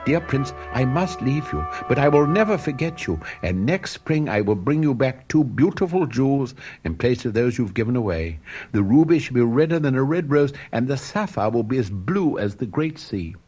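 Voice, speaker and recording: A small male swallow from a storybook, pleading and tender, as a man puts him on. He talks higher than the reader's own voice, with a husky grain and lively swings of pitch. Gentle and earnest throughout. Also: normal speed, soft background music. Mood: wistful. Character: plaintive little male swallow bird.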